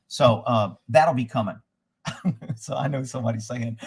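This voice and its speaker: A man's voice: mid-range voice, moderate pace, breathy edge. A man hosting a livestream, ranting angrily and profanely in a rambling monologue and reading out viewer comments. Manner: profane, angry, rambling rants; reads out viewer locations and comments. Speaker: livestream host.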